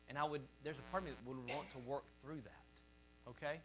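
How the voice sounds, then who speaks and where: A man's voice: a little high, fast, sharp tone, slight background noise. A male pastor preaching a sermon in a conversational, joking way, calling on the congregation to repeat words back to him.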